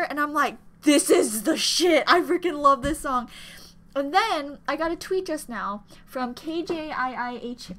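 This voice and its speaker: A woman hosting a casual reaction video, gushing excitedly with gasps and squeals. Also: sits high. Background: faint music from the video being watched.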